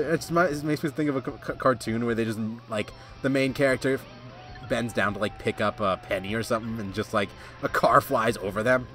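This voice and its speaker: A man streaming live gameplay, reacting excitedly, yelling and laughing at the game. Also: medium pitch, moderate pace, faint music behind. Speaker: gaming streamer.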